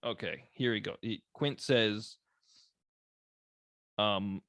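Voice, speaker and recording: A man's voice: fairly low pitch, slow, pauses often, fairly bright tone, clear, resonant tone, dry recording, clean studio sound. A young man co-hosting a podcast, talking about a movie in laid-back, joking chat, laughing often and swearing freely. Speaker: podcast co-host.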